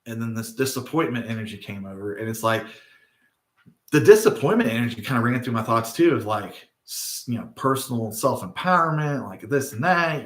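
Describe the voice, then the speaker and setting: A man's voice: mid-range voice, expressive, moderate pace. A middle-aged man hosting a spiritual video, telling a story in a casual, digressive way and often checking in with "right?". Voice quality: frequent tag questions, digressive storytelling. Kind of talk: casual rambling monologue. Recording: roomy echo.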